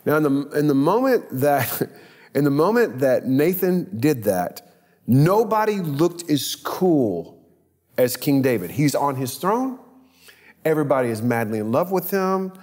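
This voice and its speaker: A pastor tells a scripture story at a measured pace, keeping it conversational. He is animated, acting out the biblical characters' voices with big jumps in pitch. The audio has a big-room sound.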